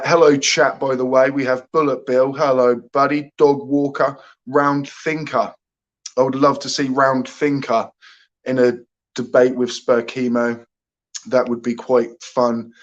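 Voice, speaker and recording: A man's voice: medium pitch, dull audio. Chatty man hosting a livestream. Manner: chatty, joking, greets viewers by name. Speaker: livestream host. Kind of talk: casual livestream chat.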